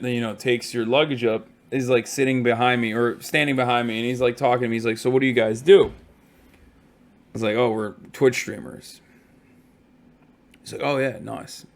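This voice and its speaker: A tired man streaming from a hotel room, telling stories in a casual, profane, animated way. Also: medium pitch. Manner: profane, animated storytelling with mock quotes.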